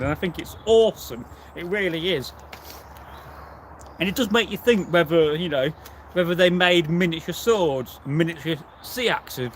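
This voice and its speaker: A man's voice: a little high, a little hiss or hum. A man, a history channel host answering viewers in a rambling, casual live chat full of fillers. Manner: rambling and chatty, with many fillers and restarts.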